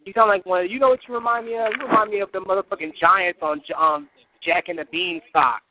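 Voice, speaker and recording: High-voiced man trash talking over phone. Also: fairly even intonation, quick pace. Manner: profane, boastful, laughing. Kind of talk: heated trash talk. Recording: tinny phone-like line.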